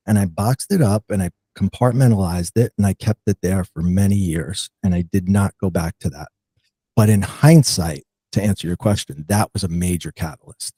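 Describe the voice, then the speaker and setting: A man's voice: fairly low pitch, moderate pace, mellow, breathy edge, no echo. A man guest recounting a personal experience in an earnest, reflective way, with frequent ums and restarts. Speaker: podcast guest. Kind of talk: personal storytelling in an interview.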